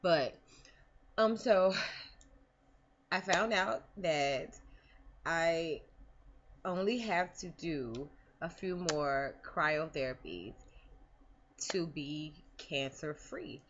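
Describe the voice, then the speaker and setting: A woman's voice: low-pitched, animated, extremely slow, pauses often, lo-fi sound, a little hiss or hum. A woman talking casually in a personal vlog, rambling with many fillers and restarts. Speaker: vlogger.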